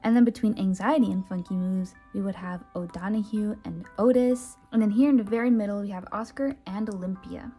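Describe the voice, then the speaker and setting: A woman's voice: mid-range voice, dark tone. A woman casually narrating a tour of her sketchbook, chatty and rambling with many fillers and restarts. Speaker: artist showing her sketchbook. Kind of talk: casual voice-over commentary. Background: faint background music.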